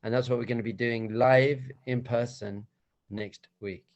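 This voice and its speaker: A man serving as a rabbi, telling a playful, animated story as part of a spiritual talk to a group. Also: medium pitch, unhurried, low-quality recording.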